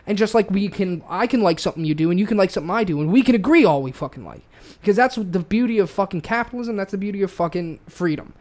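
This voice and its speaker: A man's voice: high-pitched, expressive, fast, hardly any pauses, a little mellow. A man in casual chat, ranting heatedly with lots of swearing and stumbling restarts. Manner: heated, profane, repetitive restarts.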